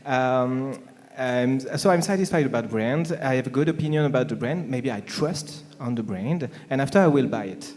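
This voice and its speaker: French-accented male panelist, mellow tone, hesitant, conference hall echo. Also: mid-range voice. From France. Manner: halting, many fillers and restarts. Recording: long hall reverb.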